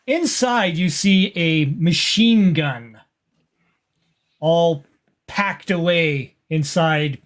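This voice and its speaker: A game master narrates a tabletop horror scene at an unhurried pace, describing each action plainly. The voice sits at a middle pitch and stops now and then to restart a phrase. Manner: slow, descriptive, with small restarts.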